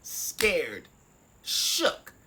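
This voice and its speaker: A woman vlogger telling a personal story in a casual, animated way, swearing freely. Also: extremely slow, a little hiss or hum. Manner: animated, profane, acts out voices.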